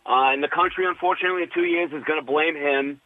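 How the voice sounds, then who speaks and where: A man's voice: fairly high pitch, fairly even intonation, fast talker, no echo. A man calling in to a radio show who eagerly agrees with the host. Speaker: caller. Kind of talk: phone-in call. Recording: phone line.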